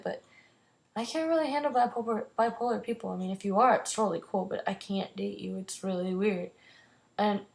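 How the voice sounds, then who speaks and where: A woman's voice: medium pitch, vocal fry. A teenage girl vlogging, telling a long personal story in a rambling way, full of "like" and "um". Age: teens. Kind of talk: casual storytelling to camera.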